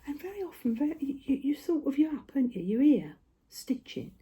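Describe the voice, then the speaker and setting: An older woman's voice sits high with big pitch swings and a dark tone, running a little fast as she chats casually to camera for her craft vlog. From a room at home, she rambles a little breathlessly, full of tag questions.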